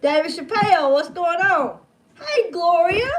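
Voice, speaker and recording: A woman's voice: very high voice, animated, unhurried, noisy background. A woman in her fifties hosting a trivia livestream, chatting in a folksy way and greeting viewers by name, calling them hon and honey. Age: 50s.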